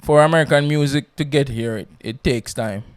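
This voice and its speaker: A man's voice: mid-range voice, moderate pace, clear, resonant tone. A man from Jamaica hosting a podcast in casual chat, laid-back and laughing, often repeating himself. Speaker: podcast host.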